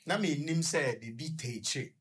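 Husky Ghanaian man telling a story. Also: on the high side, expressive, a bit bright. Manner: halting, with stuttered repetitions. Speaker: guest on a radio discussion. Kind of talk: personal storytelling in conversation.

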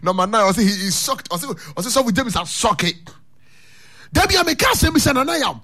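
A man preaching on the radio, his high, husky voice rising and falling a lot. He chants short lines for his listeners to echo back. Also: very animated, moderate pace, pushed and bright. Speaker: radio pastor. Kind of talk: radio sermon with call and response.

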